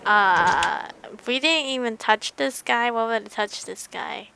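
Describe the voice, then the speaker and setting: A woman's voice: fairly high pitch, takes it slowly, creaky, sharp tone, a little hiss or hum, rough recording. A young woman narrating a visual novel game aloud, breaking in with playful, giggly reactions. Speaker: game streamer.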